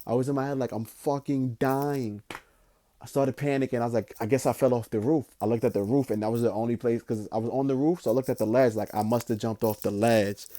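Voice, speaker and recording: Casual young guy, warm low-key tone, swears a lot, says "like" constantly. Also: a little fast. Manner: animated, profane, frequent "like" fillers. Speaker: podcast host. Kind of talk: casual storytelling.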